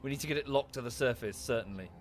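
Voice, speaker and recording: A man's voice: medium pitch, racing, soft background music. A man with an Estuary English accent chatting casually while streaming a game, rambling and thanking viewers as he goes. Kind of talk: casual gameplay commentary.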